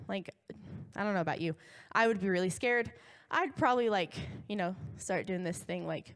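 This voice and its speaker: Chatty young woman preaching a story. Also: on the high side. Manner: chatty, animated storytelling with frequent "like" and quick laughs. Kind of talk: casual retelling sermon to a congregation.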